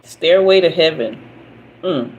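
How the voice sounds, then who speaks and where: A woman's voice: low-pitched, lively intonation, a little mellow, muffled recording. A woman giving a live spiritual reading, emotional and soothing as she speaks straight to her viewers. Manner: emotional, slow and soothing, talks to viewers directly. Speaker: spiritual reader.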